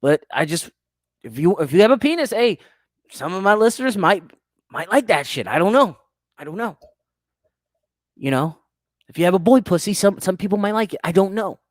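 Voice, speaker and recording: A man's voice: high-pitched, animated, moderate pace, long pauses, dry recording, studio quality. A young man, hosting a crude, teasing podcast chat and laughing often. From United States. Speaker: podcast host. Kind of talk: casual chat reading live chat.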